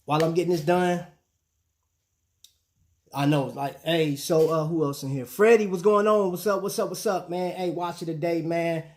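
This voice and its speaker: A slightly high male voice with fairly even intonation moves at normal speed. He's hosting a casual stream, chatting loosely with viewers and working "man" and "bro" into most lines.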